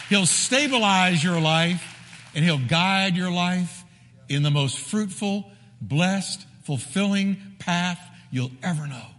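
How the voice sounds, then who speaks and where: A man preaching a sermon as pastor, emphatic and repetitive, with sudden drops to a hushed voice. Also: high voice. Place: church sanctuary. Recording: long reverb of a large hall.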